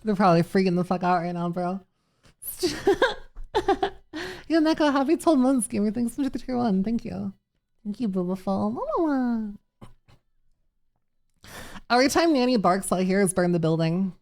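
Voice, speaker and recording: A woman's voice: medium pitch, animated, quick pace, hardly any pauses, darkish tone. A woman live streamer chatting casually with her viewers, reading messages aloud, laughing often and swearing freely. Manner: giggly and profane, reads chat aloud.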